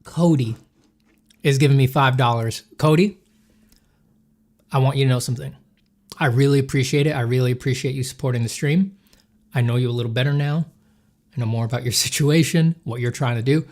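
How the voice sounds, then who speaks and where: A man's voice: medium pitch, a little fast, long pauses, darkish tone. A man chatting casually on a livestream while he draws, joking and rambling as he thanks supporters and answers questions from chat. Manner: joking, rambling, self-deprecating. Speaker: artist streaming while drawing.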